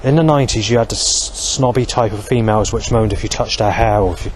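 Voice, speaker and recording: A middle-aged man with a lowish voice vlogs at a quick pace, drifting through a rambling monologue full of restarts and swear words. He is recorded outside with street traffic audible.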